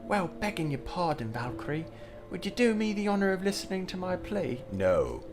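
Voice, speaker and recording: A man's voice: sits high, big pitch swings, normal speed, music in the background, pitched above the performer's own voice. A man voicing the humble, pleading ghost of a parent searching for a young son, in old-fashioned speech.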